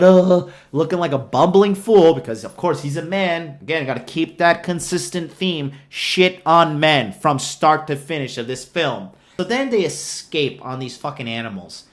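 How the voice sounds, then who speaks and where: A man's voice: fairly high pitch, fairly bright tone. A man giving a sarcastic, profane rant of a movie review, retelling scenes with exasperation. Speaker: online commentator.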